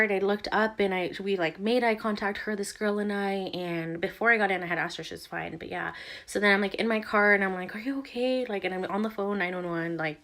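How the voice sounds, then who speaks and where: A woman's voice: medium pitch, fairly bright tone. Chatty young woman telling a story. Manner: rambling, filler-heavy retelling with many "like"s. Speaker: vlogger. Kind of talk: casual storytelling.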